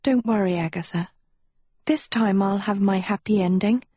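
A woman's voice: mid-range voice, moderate pace, mellow, slightly rough, no room sound, natural voice. A woman voicing a teenage girl turned villain in an audiobook, silky, taunting and coldly sweet. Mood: menacing. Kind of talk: audiobook character reading.

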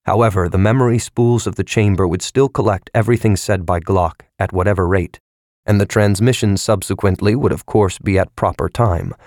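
Male audiobook narrator, low register, dry studio read, measured and even. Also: no echo. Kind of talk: scripted narration.

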